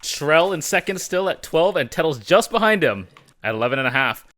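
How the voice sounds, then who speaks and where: A man's voice: on the high side, big pitch swings, brisk, fairly bright tone. A man hosting a casual podcast trivia quiz, reading questions and teasing the players. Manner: playful, teasing. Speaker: quizmaster.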